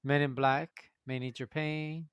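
Smooth-voiced man hosting a group vote. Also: a little high, little pitch movement, takes it slowly, no echo. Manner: calls out options and tallies votes, upbeat. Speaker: host running a movie vote. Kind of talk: casual group voice chat.

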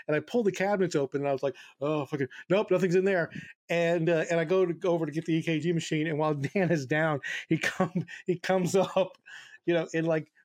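Middle-aged guy on a podcast, kinda high voice, swearing a lot and rambling through old stories. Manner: animated, profane, rambling with many fillers. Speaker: podcast co-host. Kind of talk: casual storytelling chat.

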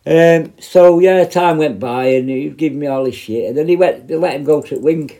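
A man's voice: fairly high pitch, a little fast, warm tone. A man with a British accent, a former prison officer, telling a rambling, heavily profane anecdote in a blunt, casual way.

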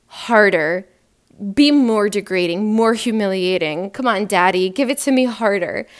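A young adult woman hosting a solo podcast, talking frankly and animatedly and laughing often. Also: mid-range voice. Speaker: podcast host.

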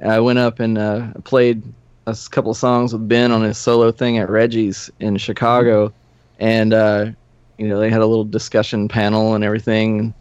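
A man's voice: lowish voice, monotone, normal speed, darkish tone, clean tone, dry recording. A man in his forties from Nashville, a former punk musician, talking as a podcast guest with rambling, profane stories and frequent chuckles. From Nashville, USA. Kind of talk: casual storytelling. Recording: dull, lo-fi, dry.

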